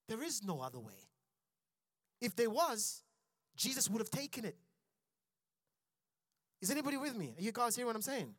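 A man's voice: sits high, very animated, normal speed, long pauses, no room sound, clean studio sound. A man preaching a sermon in church, building intensity and calling out to his congregation. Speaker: pastor.

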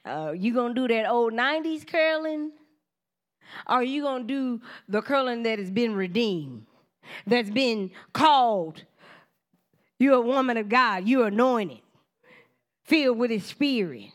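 A woman in her forties giving a casual testimony sermon, telling animated stories, acting out quoted voices, laughing often and speaking straight to the congregation. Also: a little high, takes it slowly. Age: 40s. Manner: informal church talk, addresses the congregation directly.

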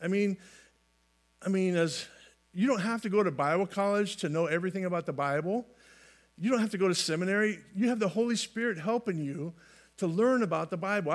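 High-voiced man preaching a folksy sermon. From California. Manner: folksy, repeats and restarts phrases, light humor. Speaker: pastor.

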